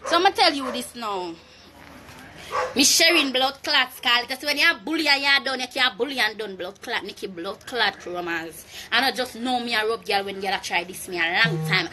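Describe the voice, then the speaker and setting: A young woman with a Jamaican accent, ranting loudly and profanely on a phone livestream, taunting a rival. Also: high voice, noisy background. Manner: loud, profane, taunting rant. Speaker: Instagram live streamer. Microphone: phone mic.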